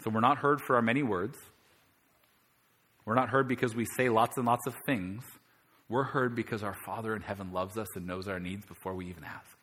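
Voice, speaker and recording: A male pastor preaching a sermon, telling the scripture story with animated energy and climbing louder as he reads it aloud. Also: lowish voice, fairly quick, slightly rough.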